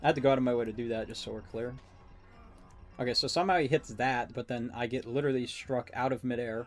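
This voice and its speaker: A man's voice: mid-range voice, steady tone, soft background music. A man giving casual, joking commentary while playing a match with a friend. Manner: joking, teasing, quick asides. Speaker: caster and player.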